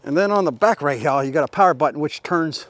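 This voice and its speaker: A man's voice: fairly high pitch, animated, fast talker. A man giving a casual, joking product demonstration outdoors while washing a truck, chatty and self-deprecating. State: out of breath. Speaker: tool reviewer.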